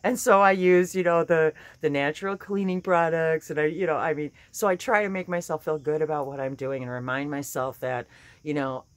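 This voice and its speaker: A low-pitched woman talks in a casual, chatty way about spiritual practice. Her morning voice is a little hoarse, and she laughs often between her points. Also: fairly even intonation, brisk, no room sound. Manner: warm, chatty, laughs often, many fillers and restarts. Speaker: spiritual channeler and teacher.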